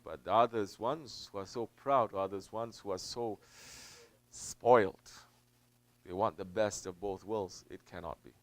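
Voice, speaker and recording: A man, a Sufi teacher, preaching a sermon in an emphatic way. He drops to low murmurs, then builds to loud, stressed peaks, and he repeats phrases for weight. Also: a little slow, dry recording. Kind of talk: sermon answering a question.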